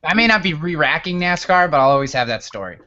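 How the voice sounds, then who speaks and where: A man in his thirties from upstate New York, telling a story as a guest in a casual interview, animated and often restarting his words. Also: on the high side, quick pace, highs cut off. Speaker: guest author.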